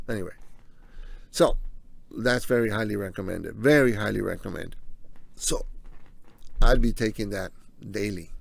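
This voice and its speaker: A man's voice: mid-range voice, creaky, no room sound. A man giving a casual explainer talk, speaking conversationally, repeating his key points and talking viewers through slides. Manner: walks through on-screen slides. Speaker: presenter of a health video.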